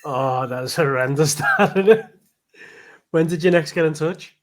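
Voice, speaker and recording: A man's voice: fairly high pitch, a little slow. A man hosting a casual interview who asks easygoing follow-up questions. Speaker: podcast host.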